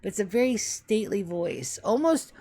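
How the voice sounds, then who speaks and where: A woman narrating as game master of a tabletop game, describing scenes in an unhurried way with fillers. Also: medium pitch.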